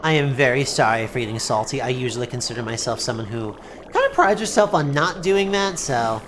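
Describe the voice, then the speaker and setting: A woman streaming a video game live, chatting with viewers and yelling at the game when it goes wrong. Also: very deep voice, fairly quick, noisy background. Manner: excitable, yells at the game, then apologizes. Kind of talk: live gameplay commentary.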